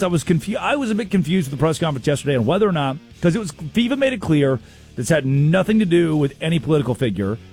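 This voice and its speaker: A man hosting a casual, comedic sports talk show, telling stories with quick asides. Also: fairly high pitch. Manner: animated storytelling with quick asides. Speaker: sports radio host.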